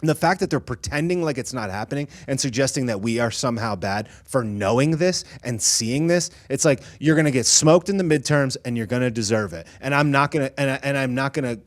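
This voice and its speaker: A man's voice: medium pitch, fairly quick, hardly any pauses. A man co-hosting a podcast, ranting angrily with sarcasm and heavy swearing. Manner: angry, profane, sarcastic, emphatic. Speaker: podcast co-host. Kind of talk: heated political rant.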